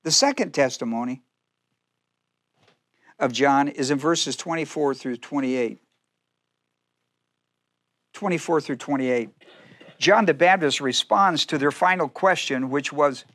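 A man delivers a casual, animated sermon with a somewhat high voice. He slips into the voices of the figures he talks about and laughs at his own asides. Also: a little slow, pauses often. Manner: animated, acts out speakers in first person, laughs often. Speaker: pastor.

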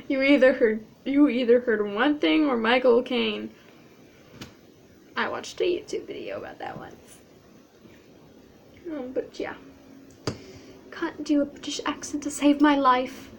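A woman's voice: sits high, expressive, measured pace, vocal fry, pauses often, slight background noise. A woman vlogging in character as a cosplayer, rambling in a playful, self-mocking way. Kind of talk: casual in-character cosplay vlog.

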